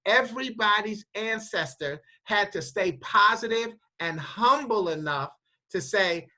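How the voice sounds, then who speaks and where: A woman hosting a casual inspirational chat who tells animated stories, often repeating her words and laughing while she tells them. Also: mid-range voice, measured pace, low-quality recording. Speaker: host.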